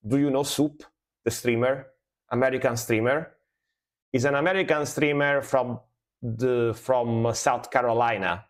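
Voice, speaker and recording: A man's voice: mid-range voice, fairly even intonation, a little slow. A man streaming music reactions in easygoing casual chat, repeating himself and leaning on "you know". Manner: laid-back, loose, repeats words and adds "you know".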